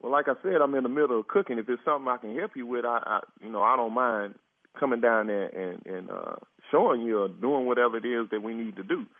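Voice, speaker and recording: A man's voice: medium pitch, fast, no room sound. Exasperated man laughing over a phone. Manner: exasperated, keeps laughing in disbelief. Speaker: prank call target. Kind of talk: phone conversation. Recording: tinny phone line.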